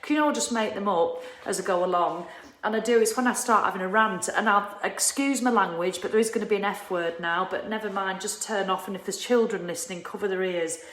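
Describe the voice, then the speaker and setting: A woman's voice: medium pitch, brisk, a bit bright. Ranting woman in an echoey room. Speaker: motivational vlogger. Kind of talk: casual motivational talk.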